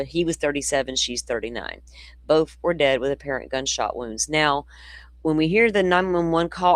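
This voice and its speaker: A woman's voice: sits low, no echo. Opinionated woman hosting true crime talk. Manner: conversational, opinionated asides to viewers. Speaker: true crime podcast host. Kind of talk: casual commentary reading news reports aloud.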